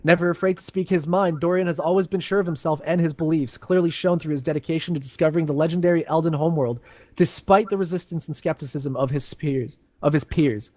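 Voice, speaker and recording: A man's voice: on the high side, fast, darkish tone, no room sound. A young man reading game lore aloud on voice chat, breaking off for chatty, self-mocking asides. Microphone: headset on voice chat.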